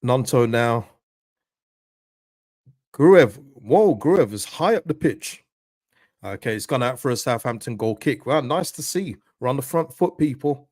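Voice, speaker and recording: A man hosting a live football watchalong stream, reacting excitedly to the match and answering viewers' chat messages. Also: medium pitch, measured pace, long pauses, no room sound, studio quality. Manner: excitable, pleading, chatty with viewers.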